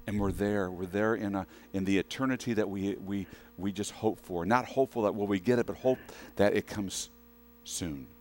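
A man's voice: on the low side, moderate pace, darkish tone. A man preaching a sermon in a conversational way, often asking the congregation questions. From western United States.

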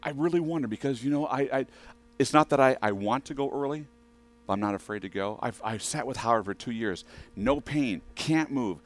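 A man's voice: medium pitch, brisk. A man preaching a sermon in a conversational way, often asking the congregation questions. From western United States.

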